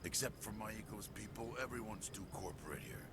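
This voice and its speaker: Deep-voiced sardonic ex-military tech. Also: male voice, animated, a little fast, music in the background. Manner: dry, grumbling about corporate types. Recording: loud noise behind game audio.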